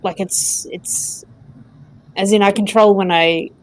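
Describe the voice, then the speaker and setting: A woman's voice: mid-range voice, steady tone, takes it slowly, low-quality recording. Hesitant woman player, filler-heavy. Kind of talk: casual tabletop play.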